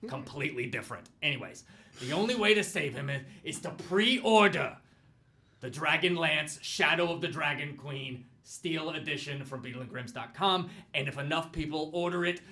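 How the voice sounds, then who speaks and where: A nervous, rambling office employee played by a man reads out an awkward, apologetic email. He backpedals and corrects himself constantly. His tone is bright and forward. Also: on the high side, normal speed. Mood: flustered. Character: flustered company employee writing an apologetic email.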